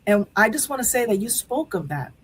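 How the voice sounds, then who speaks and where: A woman's voice: fairly high pitch, very animated, brisk, a little hiss or hum, poor audio. A woman hosting a live talk show, speaking candidly and emotionally about grief, rambling with many restarts. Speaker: show host.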